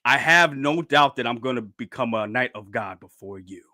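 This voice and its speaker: A man's voice: mid-range voice, lively intonation, normal speed, pushed and bright, no room sound, clean studio sound. A man reading out a haughty young noble. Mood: dismissive.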